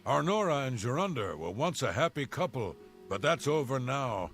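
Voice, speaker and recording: A man's voice: mid-range voice, sing-song, normal speed, fairly bright tone, soft background music. Plain-spoken fantasy townsman. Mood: matter-of-fact. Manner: matter-of-fact, gossipy small talk. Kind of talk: video game dialogue.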